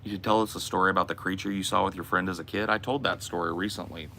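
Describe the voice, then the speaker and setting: Brief: low-voiced American host, laid-back and blunt, slight hiss in the background. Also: male voice, fairly even intonation, quick pace, creaky, pushed and bright. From United States. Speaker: podcast host. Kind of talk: casual Q and A with chat.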